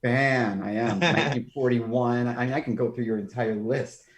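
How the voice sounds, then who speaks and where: A man, a film director talking on a podcast, who tells stories with excitement and acts out quotes in a higher voice. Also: normal speed, roomy sound. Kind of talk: casual chat.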